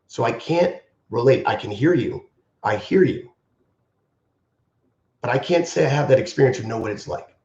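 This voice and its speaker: A man's voice: medium pitch, lively intonation, moderate pace, pauses often, darkish tone. Man martial arts instructor on a live stream, impassioned and emphatic, roomy dull audio. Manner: impassioned and emphatic, repeating key phrases.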